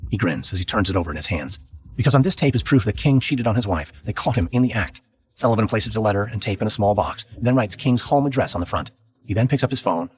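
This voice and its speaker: A man narrating a scripted history drama podcast in a measured, dramatic storytelling manner. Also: fairly low pitch.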